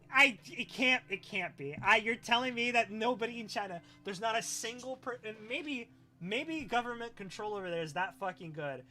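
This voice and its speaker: A man's voice: high voice, sharp tone. A young man streaming live, reacting to clips in a profane, ranting, scoffing way.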